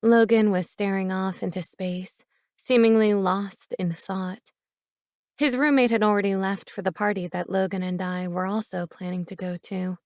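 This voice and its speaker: A woman's voice: mid-range voice, steady tone, normal speed, darkish tone, no room sound, studio quality. A woman narrating a first-person romance audiobook in an intimate storytelling manner.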